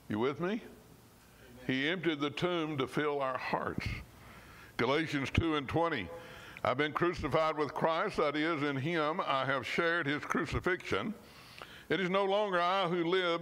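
A man, a pastor, preaching a sermon in church. He reads scripture slowly and with emphasis, and at times his voice drops suddenly soft. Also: fairly high pitch.

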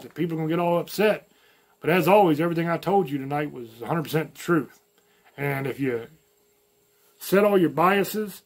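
Light Southern accent, man, channel host, blunt folksy monologue, slangy, slightly high voice. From American South, mountains. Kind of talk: opinion monologue to camera.

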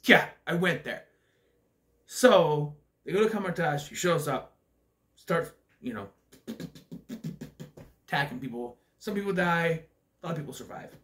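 Male reviewer, slightly high voice, opinionated and blunt, casual ranting delivery with fillers. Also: animated, a little slow, pauses often, a bit bright. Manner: loose, with fillers and restarts. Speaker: movie reviewer. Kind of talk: casual spoken movie review.

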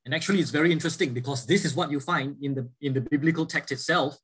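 A man's voice: on the high side, racing, fairly bright tone, breathy edge, rough recording. A man lecturing a class, explaining points and often checking in with "right?" as he goes. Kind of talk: classroom lecture with student questions.

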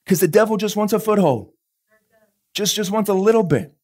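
A man with a notably high speaking voice delivers a live sermon as pastor. He preaches with animation, laughs often, and slips into quick acted-out lines of dialogue. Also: darkish tone, breathy edge.

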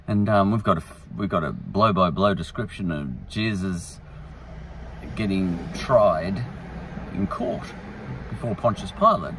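A man's voice: deep voice, very animated, slow, pauses often, far from the mic, background noise. A man hosting a podcast, rambling through a casual, irreverent monologue. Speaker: podcast host.

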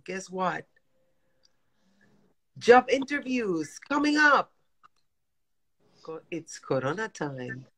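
A woman in her fifties calling in from her apartment over a phone video call, talking in animated, exasperated bursts. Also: fairly low pitch, slow, pauses often, poor audio. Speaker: guest caller. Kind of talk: emotional live-stream chat. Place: home apartment.

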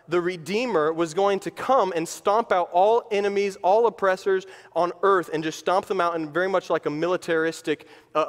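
A man's voice: a little high, big-room sound. A man preaching a sermon as pastor, emphatic and repeating phrases for weight. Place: church sanctuary.

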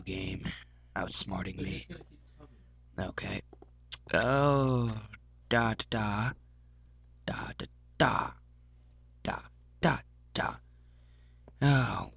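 Gravelly young man rambling over gameplay. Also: fairly low pitch, slight background noise. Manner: rambling, talks to game objects, mutters. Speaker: gaming channel host. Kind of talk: casual gameplay commentary.

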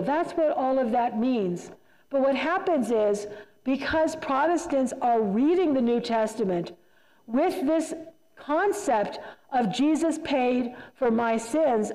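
A retreat speaker with a dark-toned voice on the high side addresses a church group in a church hall. She speaks emphatically and conversationally, often repeating herself for emphasis, while the hall lends a long reverb.

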